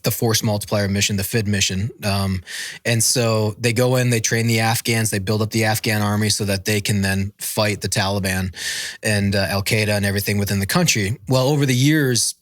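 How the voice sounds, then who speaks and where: A former Marine in his thirties, appearing as a podcast guest, tells a long war story in rambling, casual, profane talk, acting out what others said. His voice is fairly low with a fairly bright tone, recorded at studio quality with no room sound.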